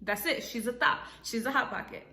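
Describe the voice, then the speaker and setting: Give me a playful young woman with a New York accent, pitched a little high, acting out slang for her viewers. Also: a little fast, gravelly, reverberant, slight background noise. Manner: animated, slangy, playful, acts out quotes. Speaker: vlogger. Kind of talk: casual explainer vlog. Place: home room by a ring light.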